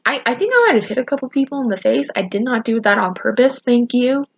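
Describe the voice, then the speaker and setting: A woman's voice on the high side, gravelly with a breathy edge, races along quickly through dull audio. It belongs to a teenage girl vlogging a casual storytime rant who rambles, keeps restarting, and quotes people in raised voices.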